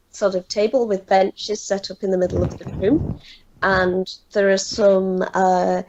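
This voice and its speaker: A woman narrates a tabletop game as game master. She speaks slowly and haltingly, with many fillers. The recording is muffled and lo-fi. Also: medium pitch, darkish tone, a little hiss or hum. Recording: dull lo-fi sound.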